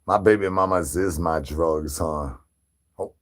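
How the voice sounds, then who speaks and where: Speaking a little slowly in a low voice, a livestream host rants comedically in the role of a zombie after brains. His rambling is full of absurd rhyming slang.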